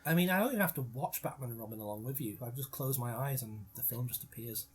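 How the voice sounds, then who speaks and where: Husky man joking through a commentary. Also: mid-range voice, fast. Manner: joking, eating while talking. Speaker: commentary co-host. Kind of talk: casual film commentary chat.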